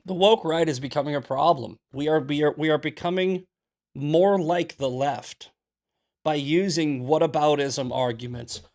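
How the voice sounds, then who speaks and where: Though his voice is on the high side and a little mellow, at a moderate pace, this young political commentator is anything but calm. He rants on his livestream, fighting heatedly with his chat.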